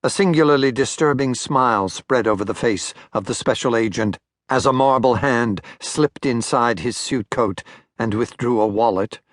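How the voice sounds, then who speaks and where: An older man narrating a thriller audiobook in a measured, wry manner, close to a studio mic. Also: mid-range voice, no echo. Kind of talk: scripted narration.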